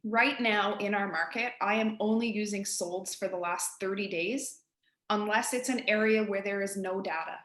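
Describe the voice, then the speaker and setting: A woman with an East Coast Canadian accent, a real estate agent giving colleagues a casual, direct software tutorial. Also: medium pitch, moderate pace, roomy sound. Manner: chatty, direct, addresses listeners as guys.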